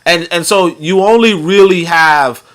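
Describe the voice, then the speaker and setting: A man's voice: high voice, a little slow, a bit bright. A man hosting a podcast, talking in loose, rambling commentary, with heavy use of fillers and some swearing. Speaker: podcast host. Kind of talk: casual commentary.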